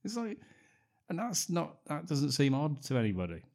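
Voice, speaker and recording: A man co-hosting a casual film-review podcast, mocking the film with sarcastic, deadpan asides. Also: a little high, normal speed. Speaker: podcast co-host.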